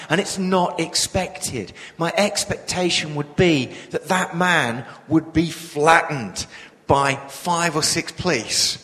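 A man preaching a sermon, telling a story in an animated way and dropping to a hush at emotional moments. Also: a little high. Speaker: preacher and police chaplain. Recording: long hall reverb.

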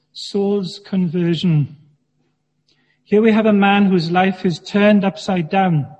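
A male minister preaching a sermon in a church, in a measured way with gentle humor. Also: sits high, breathy edge. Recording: dull sound with long church reverb.

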